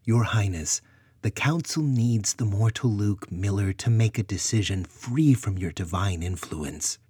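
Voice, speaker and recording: A tall Bigfoot diplomat smooths things over in formal, soothing words, as a man voices him in a storybook. The voice is low and husky, and it sounds dry and close. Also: unhurried, darkish tone, no room sound.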